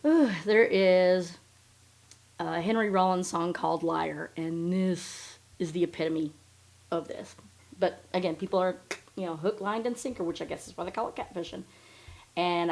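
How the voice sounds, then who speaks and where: A woman's voice: on the low side, lively intonation, normal speed. A woman hosting a podcast, recapping a story in casual, profane, sarcastic commentary and sounding openly incredulous. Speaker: podcast host.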